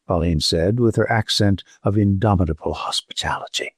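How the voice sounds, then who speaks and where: A man narrating a classic novel as a scripted audiobook, with expressive, varied intonation. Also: deep voice, moderate pace, few pauses, husky, no room sound, studio quality.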